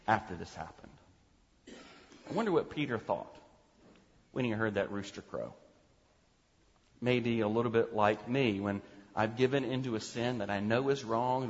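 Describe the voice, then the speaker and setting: A man preaching a sermon, emphatic, acting out the voices he quotes with rising intensity. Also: medium pitch. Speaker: pastor. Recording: dull recording with long hall reverb.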